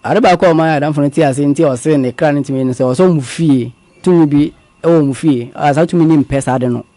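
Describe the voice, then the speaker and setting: Male guest, measured testimony, slightly high but warm tone. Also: dry recording. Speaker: guest telling his story. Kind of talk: conversational testimony.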